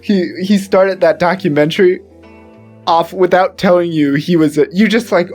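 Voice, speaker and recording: A man's voice: moderate pace, a little mellow, soft background music. Male podcast co-host, casual chatter, stumbling repeats, easy laughter. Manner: rambling, stumbles and repeats words, laughs often; mimics voices in high squeals when retelling. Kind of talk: casual chat.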